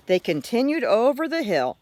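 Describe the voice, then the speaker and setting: A woman reading a children's story aloud, expressive and unhurried, in a quiet room. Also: a little high, slight background noise. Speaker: reader.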